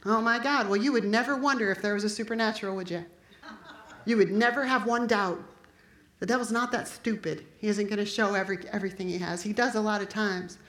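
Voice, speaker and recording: A woman preaching a sermon, impassioned and building to forceful declarations. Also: mid-range voice, brisk, reverberant.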